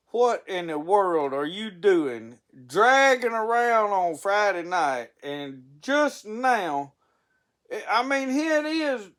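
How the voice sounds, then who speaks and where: Man, stream host, fairly high pitch, rambling folksy chat with frequent restarts. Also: fairly bright tone. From Mississippi. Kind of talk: casual live-stream chat.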